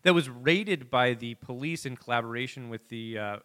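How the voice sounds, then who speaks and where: Bright-voiced rambling podcast man. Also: mid-range voice, moderate pace. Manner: rambling, filler-heavy storytelling. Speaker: podcast co-host. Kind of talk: casual comedic podcast chat.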